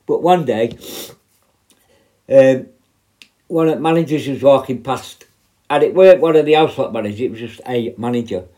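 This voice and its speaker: A man's voice: medium pitch, moderate pace, long pauses, a little mellow. Sweary man telling stories. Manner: rambling and heavily sweary. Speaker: former prison officer. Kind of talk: casual spoken storytelling.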